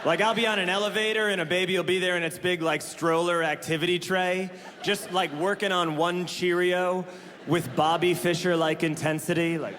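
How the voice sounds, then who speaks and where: A man in his thirties performing stand-up comedy on a large theater stage, telling stories in an animated way with exaggerated voices for the people in them. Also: high voice, normal speed. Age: 30s. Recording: live hall reverb with crowd laughter.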